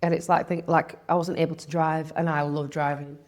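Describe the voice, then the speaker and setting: A woman's voice: sits low, flat delivery, a little fast, a little mellow. A young woman, talking candidly as an interview guest, chatty, with lots of "like" and quoted thoughts.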